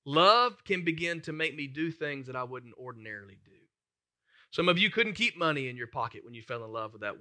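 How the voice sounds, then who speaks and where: A man's voice: on the high side, pushed and bright. A man preaching a sermon as pastor, emphatic and conversational, putting questions to the congregation.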